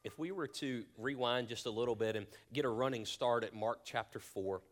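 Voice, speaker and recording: A man preaching a sermon as pastor, earnest and deliberate, often dropping to a hushed near-whisper for emphasis, and leading a prayer. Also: mid-range voice. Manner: leads a spoken prayer.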